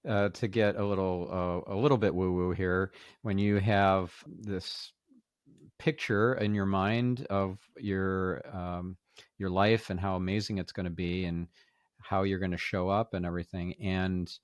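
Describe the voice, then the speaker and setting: A man with a very low voice hosts a podcast interview. He is recorded dry and close, and thinks aloud in a halting way. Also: little pitch movement, clean tone, no echo. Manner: thoughtful, with many fillers and restarts. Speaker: podcast host. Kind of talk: interview conversation.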